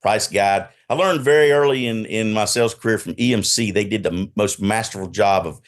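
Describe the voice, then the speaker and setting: Speaking brisk and lowish, this Southern American guest, a middle-aged man who sells to enterprises, joins a relaxed video-call podcast interview. He's direct and confident, spinning stories complete with quoted lines.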